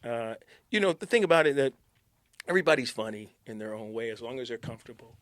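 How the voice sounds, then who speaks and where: A man's voice: mid-range voice, lively intonation, fast talker, dry recording. A middle-aged man, a former morning radio host, telling stories in a casual interview, joking and laughing often. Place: radio station.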